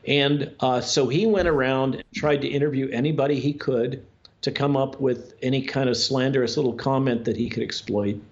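A man as a guest on a talk show, speaking in a measured, drawn-out way with many filler sounds. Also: medium pitch, fairly even intonation. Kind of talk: conversational interview talk. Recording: dull lo-fi audio.

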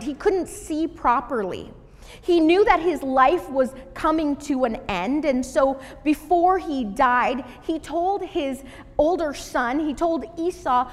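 A woman reading scripture aloud and then explaining it in a measured, teaching sermon. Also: high-pitched. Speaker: Bible teacher. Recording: long hall reverb.

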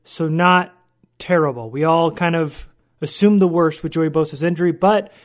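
A man's voice: a little high, moderate pace. Chatty young man hosting a podcast. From San Diego, USA. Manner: chatty, animated storyteller. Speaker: podcast host. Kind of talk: solo sports podcast, casual storytelling.

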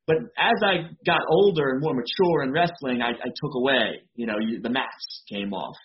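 A man's voice: mid-range voice, moderate pace, muffled recording, a little hiss or hum. A man, a wrestler being interviewed, talking casually with lots of "you know" fillers. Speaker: wrestler guest.

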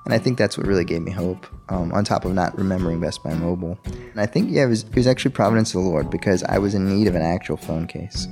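Guy telling a story, lowish voice, acts out all the lines with big jumps up, faint music. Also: fast. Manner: animated, acts out quoted dialogue with sharp pitch jumps. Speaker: guest telling his story. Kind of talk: casual storytelling.

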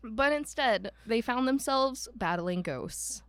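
A woman's voice: on the high side, lively intonation, slow. A young woman co-hosting a podcast, telling a ghost story in a chatty way with lots of fillers and asides. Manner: chatty storyteller, many "um"s and asides, mock voices for quoted people. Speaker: podcast co-host. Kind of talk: casual chat about a haunted house.

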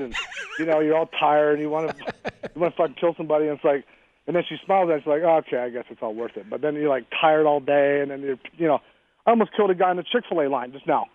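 Brief: man in his 40s, guest calling in over a tinny phone line, quick, blunt, fiery delivery with a slightly raised pitch. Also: a little hiss or hum. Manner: blunt, fiery, swears freely. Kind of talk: casual interview chat.

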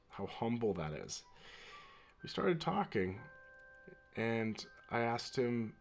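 A man hosting his own podcast, telling a story in a rambling, animated way and laughing readily. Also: fairly low pitch. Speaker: podcast host. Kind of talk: casual storytelling monologue.

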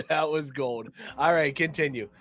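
A man co-hosting a podcast, chatting casually about football, lively and joking with laughter. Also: a little high, slow, no room sound. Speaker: podcast co-host. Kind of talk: casual sports chat.

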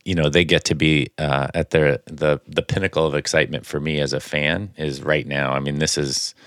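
A man with a very low, smooth voice co-hosts a sports podcast. He talks casually and rambles, circling back with fillers and restarts. The sound is dry and close. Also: little pitch movement, moderate pace, fairly bright tone, no echo.

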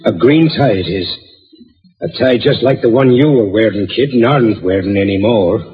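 An actor playing a blunt, plain-spoken police sergeant in a 1950s radio drama. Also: male voice, fairly low pitch, moderate pace, over music, natural voice. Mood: blunt, questioning. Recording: dull old radio broadcast with reverb.

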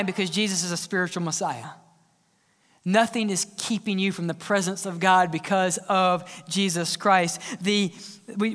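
A male pastor preaching a sermon, swinging between loud cries and hushed whispers. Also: high voice. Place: large church hall. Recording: long church-hall reverb.

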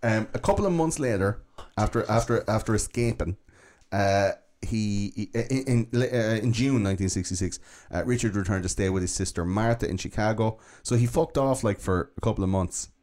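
A man's voice: fairly low pitch, normal speed, few pauses, a little mellow. A man hosting a podcast, telling a true-crime story in a casual, profane, joking way. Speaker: podcast host.

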